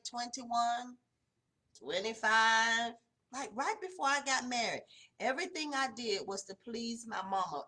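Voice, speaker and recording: A woman, telling a personal testimony in a casual, conversational way. Her voice drops low and soft in the emotional stretches. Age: 40s. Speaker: host of a morning devotional.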